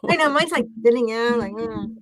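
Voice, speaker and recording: A woman's voice: a little high, animated, brisk, crowd noise. A woman from upstate New York, a guest on a live stream, chatting in a giggly, bubbly way. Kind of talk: casual livestream chat.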